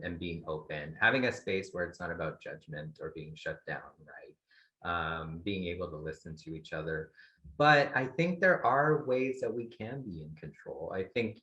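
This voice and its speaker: Deep-voiced man giving halting advice. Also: a bit bright, rough recording. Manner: thoughtful, halting with many fillers. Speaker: psychologist guest expert. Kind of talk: webinar advice talk.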